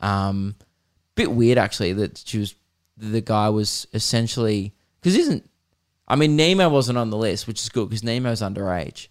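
A man's voice: lowish voice, normal speed. A young Australian man hosting a podcast, rambling through jokes and swearing freely in casual comedic chat. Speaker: podcast host.

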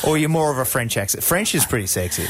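A man's voice: mid-range voice, very animated, quick pace. An Australian man co-hosting a radio show, joking and teasing in casual chat. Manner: jokey, teasing. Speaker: radio co-host.

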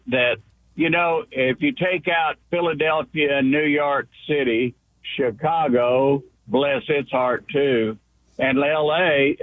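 A man's voice: medium pitch, no room sound. An older man calling in to a radio show, folksy and blunt, lecturing the guest. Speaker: caller. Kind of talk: call-in radio comment. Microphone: telephone. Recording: tinny phone line.

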